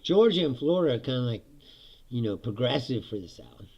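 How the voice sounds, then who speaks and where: A man's voice: medium pitch, expressive, a little fast, a little mellow. A man hosting a casual, profane monologue, laughing often and mocking others in silly voices. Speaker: host.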